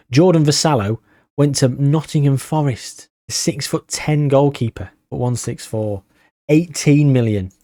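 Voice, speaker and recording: Wry, chatty man, mellow voice. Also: medium pitch, dry recording, clean studio sound. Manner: chatty, wry and sarcastic, thinking aloud. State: tired. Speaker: gaming YouTuber. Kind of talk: casual game commentary.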